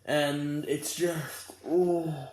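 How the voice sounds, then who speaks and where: A young Australian man talks through a footy fan preview in a rambling, fired-up way, stumbling over his words. He sounds tired, with yawns between lines. His delivery stays flat and level, and the room echoes around him. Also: fairly high pitch, extremely slow, slight background noise. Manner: rambling and fired up, many restarts. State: tired and yawning. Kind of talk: casual fan preview monologue.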